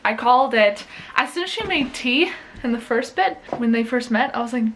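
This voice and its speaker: A young woman with a slightly high voice chats excitedly into a camera in her bedroom for a reading vlog. She gushes, swears freely and laughs at herself, talking in a loose, rambling way. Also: a little fast, a little hiss or hum. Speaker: book vlogger. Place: home bedroom.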